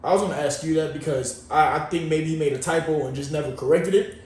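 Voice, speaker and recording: A man co-hosting a podcast in casual chat, joking and rambling with animated asides. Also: a little high, fast talker. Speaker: podcast co-host. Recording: very echoey, distant mic, faint noise.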